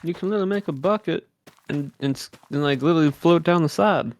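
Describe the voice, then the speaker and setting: A man's voice: fairly high pitch, fast. A man chatting casually with a streamer, rambling with many fillers and giving game tips. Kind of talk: casual chat while gaming.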